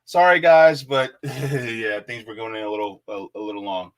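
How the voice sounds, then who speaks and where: A man's voice: medium pitch, fairly even intonation, moderate pace. A man hosting a livestream from indoors in Florida, reading viewer super chats aloud in a loose, joking way and laughing often. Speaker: livestream host.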